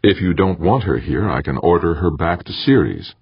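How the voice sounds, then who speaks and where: A man's voice: sits low, expressive, moderate pace, slightly rough, no room sound, exaggerated voice. A man voicing a scheming male official who speaks in a polite, soothing, ingratiating way. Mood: deferential. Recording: dull, muffled audiobook recording.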